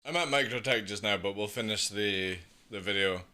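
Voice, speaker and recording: A man reacting casually on a live stream, excitable, swearing freely and laughing often. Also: lowish voice, normal speed.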